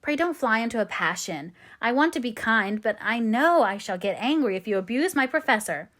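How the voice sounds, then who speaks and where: A woman's voice: fairly high pitch, animated, normal speed. A woman reading a spirited, earnest young woman. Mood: earnest, remorseful. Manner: earnest, gently firm. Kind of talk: audiobook reading.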